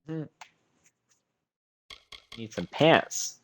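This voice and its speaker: A man's voice: very slow, fairly bright tone. A tired man giving casual commentary on his game as a let's play streamer, musing aloud as he weighs his choices.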